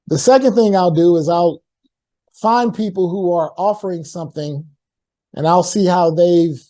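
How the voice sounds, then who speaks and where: Energetic motivational man, high voice. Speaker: guest speaker. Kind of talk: online workshop talk. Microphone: video call.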